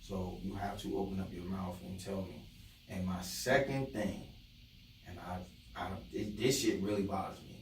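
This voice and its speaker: Male podcast guest, lively and profane, plays out both sides of his stories; roomy sound, faint ambience. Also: sits low, normal speed, far from the mic, a little hiss or hum. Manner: animated, profane, acts out both sides of arguments. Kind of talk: casual chat. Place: podcast studio.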